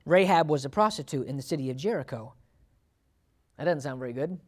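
With a brisk delivery, a male preacher moves through an easygoing Bible sermon and often laughs softly between ideas. He sits slightly high for a man, rising further whenever he acts out a quotation.

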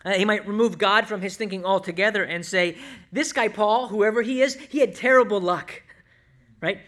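A male pastor delivering a sermon in a high, bright, forceful voice. He leans hard on scripture, drawing key words out slowly, then tosses off quick asides to his listeners. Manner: emphatic, slows down to stress scripture, asides to the congregation.

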